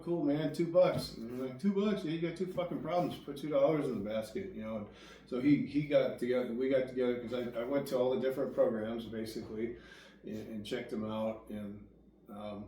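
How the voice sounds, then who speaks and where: A young man casually telling a rambling, profane story, acting out what others said to him. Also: medium pitch. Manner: acts out quoted dialogue with lively voices. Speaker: guest sharing recovery story. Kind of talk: casual conversation. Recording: echoey room, distant mic, faint background noise.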